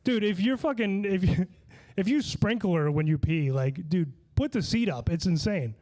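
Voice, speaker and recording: A man with a somewhat high voice performs rambling stand-up in a small comedy venue. He sounds slightly tipsy and slurs his words a little. His delivery is loose and casual, full of restarts and swearing. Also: animated, moderate pace, warm tone. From Long Island, New York.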